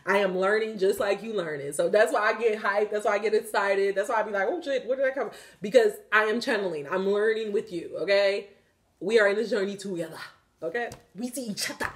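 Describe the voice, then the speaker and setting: A woman giving a casual spiritual tarot reading, animated and profane, often laughing as she talks. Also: medium pitch, fairly quick. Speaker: tarot reader.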